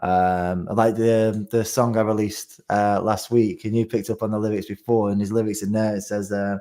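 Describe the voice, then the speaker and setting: A middle-aged man talking as a guest on a casual podcast, reflective and halting, restarting his phrases. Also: on the low side, little pitch movement, warm tone.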